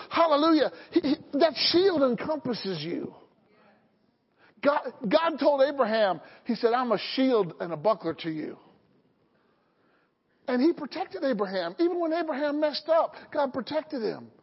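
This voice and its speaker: A man with a very high voice preaches a sermon, animated and theatrical, acting out scenes as he goes. His voice rings with a long church reverb. The audio sounds a little dull and lo-fi. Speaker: pastor. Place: church sanctuary.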